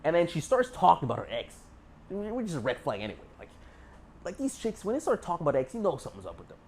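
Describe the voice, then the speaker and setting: Young male vlogger, brash storyteller, swings his pitch widely, slightly high voice. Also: wildly swooping pitch, fast, a little mellow, a little hiss or hum. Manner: boastful, swearing, rambling with many fillers. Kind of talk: casual storytelling.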